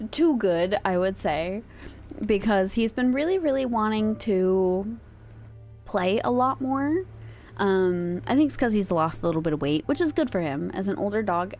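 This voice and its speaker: A woman's voice: medium pitch, a little mellow. Chatty woman streamer, faint music. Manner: chatty, rambling, laughs easily. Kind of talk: casual chat.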